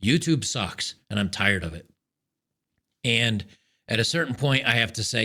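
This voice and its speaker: Bright-voiced man ranting on his channel. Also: lowish voice, expressive, moderate pace, gravelly, pauses often. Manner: frustrated, ranting, many restarts. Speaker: podcast host. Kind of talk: casual solo commentary.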